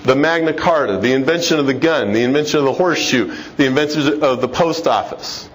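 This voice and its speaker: A man's voice: mid-range voice, brisk, poor audio. A middle-aged man giving an informal talk, speaking conversationally with restarts and rhetorical questions. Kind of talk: informal talk on religion and history. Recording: faint background noise.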